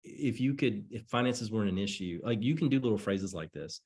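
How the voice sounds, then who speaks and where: A man's voice: on the low side, expressive, brisk, darkish tone, husky. A man coaching network marketers on a call, chatty and repetitive, acting out sample dialogues. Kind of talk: casual coaching talk on a call.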